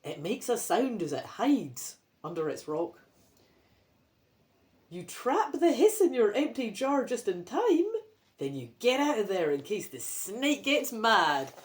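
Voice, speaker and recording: In a slow, sing-song, mid-range voice, a woman with a Scottish accent reads from a children's adventure book. She's casual, chatty, and rambling, slipping in asides that swear.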